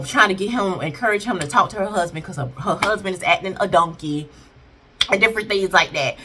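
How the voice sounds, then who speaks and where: A TV series reviewer with a mid-range, slightly rough voice casually recaps an episode. She's animated and playfully acts out what she'd say to the characters, voicing them in asides.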